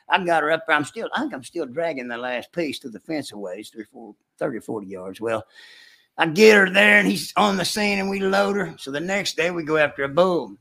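An older man with a bright, forceful voice, slightly higher than most men, telling a hunting story in casual conversation. His talk is folksy and rural, and he gets animated acting out the shouts. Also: fast, gravelly. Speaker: storyteller recounting hunting trips.

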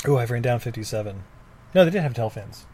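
A man's voice: mid-range voice, expressive, quick pace, a little mellow, slight background noise. A man co-hosting a podcast, recapping a movie with dry asides. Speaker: podcast co-host. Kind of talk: casual movie-talk banter.

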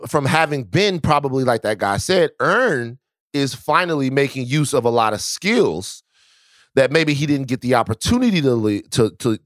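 A man from Baton Rouge co-hosts a casual podcast, his voice sitting at an everyday middle pitch. He spins loose, profane stories, doubling back and restarting his phrases as he goes, recorded close and dry with no room sound. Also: fairly bright tone, no room sound. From Baton Rouge, Louisiana. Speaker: podcast co-host.

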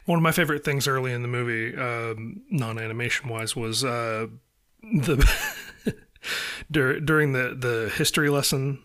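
A man's voice: mid-range voice, normal speed, a bit bright. A man chatting casually about a film, hesitant and amused.

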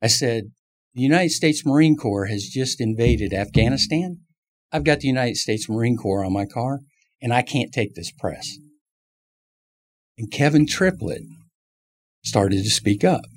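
A middle-aged man, once a racing team manager, tells stories in an animated interview in a mid-range voice. He speaks a little slowly and pauses often, acting out the people he quotes with lively shifts in voice.

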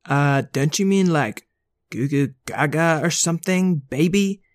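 A storyteller voicing a laid-back, centuries-old robot babysitter who talks like a relaxed surfer, saying "like" and "beep boop". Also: mid-range voice, unhurried, no room sound, studio quality, natural voice. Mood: mellow. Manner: drawling, says "like" and "beep boop".

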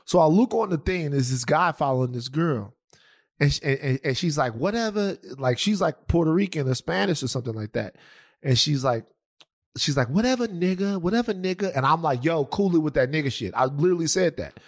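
A man's voice: a little high, brisk. A man co-hosting a casual chat, telling a story with lots of laughter, acting out the people he quotes. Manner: animated, laughing, acts out quotes, profane. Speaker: podcast co-host. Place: Brooklyn, New York.

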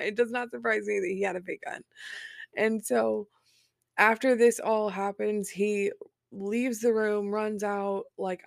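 A woman telling her own story in a candid, matter-of-fact way with dark humor. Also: mid-range voice, gravelly, no room sound, clean studio sound. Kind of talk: personal storytelling, casual.

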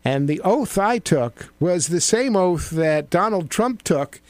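A man's voice: high-pitched, lively intonation, takes it slowly, a little mellow, no echo. A middle-aged man and former congressman hosting a satirical political chat, rambling and mocking with frequent stammered restarts. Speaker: show co-host, former congressman.

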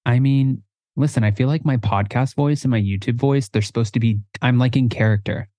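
A man's voice: medium pitch, fairly quick, warm tone, dry recording, studio quality. Playful self-deprecating male podcast co-host. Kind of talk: casual podcast chat.

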